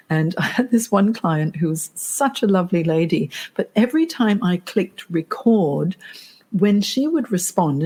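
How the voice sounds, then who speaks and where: A middle-aged woman career coach hosting a podcast interview, telling stories in a lively, animated way. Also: fairly low pitch, slightly rough.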